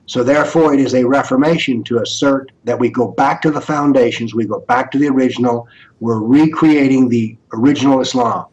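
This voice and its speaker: A man's voice: mid-range voice, fairly quick, darkish tone, dull audio. An older man speaking as an interview guest, lecturing emphatically and asking rhetorical questions. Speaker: interview guest, author on political Islam.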